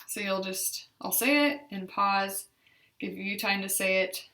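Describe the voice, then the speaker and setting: A young woman, a speech therapist, leading voice exercises with slow, clear, encouraging instructions and frequent fillers. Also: medium pitch, bright, forceful tone. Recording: echoey room.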